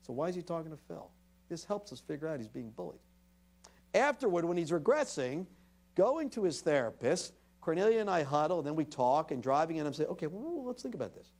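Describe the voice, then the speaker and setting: A man delivering a public talk with a lively, swooping delivery. He speaks a little higher than most men. He acts out other people's lines as he tells his story. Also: fairly quick. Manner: animated storyteller who acts out dialogue; addresses the audience directly. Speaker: invited speaker. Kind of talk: public lecture.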